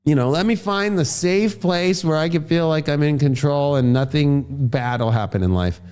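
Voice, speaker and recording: A man's voice: fairly high pitch, moderate pace. Fired-up, foul-mouthed astrologer man. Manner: profane, excitable, acts out quoted voices with shouts. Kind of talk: horoscope forecast talk.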